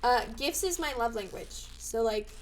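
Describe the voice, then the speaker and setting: A young woman streaming live, chatting casually, bubbly and excitable with sudden squeals. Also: on the high side, moderate pace, slight background noise.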